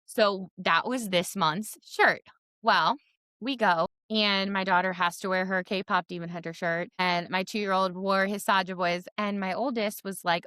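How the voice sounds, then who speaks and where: A woman's voice: medium pitch, normal speed, pushed and bright, clean tone, no room sound, clean studio sound. A woman hosting a podcast, chatting and telling a family anecdote with quoted dialogue. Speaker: podcast host. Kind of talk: podcast conversation.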